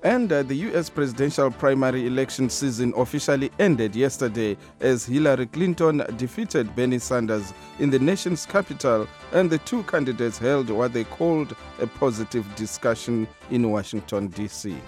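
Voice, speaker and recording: A man reading the radio news and introducing an interview, formal and measured. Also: mid-range voice, lively intonation, darkish tone, soft background music. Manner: measured, formal, occasional "uh" before a segment.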